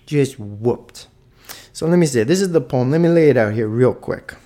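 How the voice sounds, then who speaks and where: A man hosting a podcast, telling a story in a lively, profane way with punchy sound effects. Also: mid-range voice, moderate pace. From Toronto, Canada. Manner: animated, swears freely, adds punchy sound effects. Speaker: podcast host. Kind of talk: casual storytelling monologue.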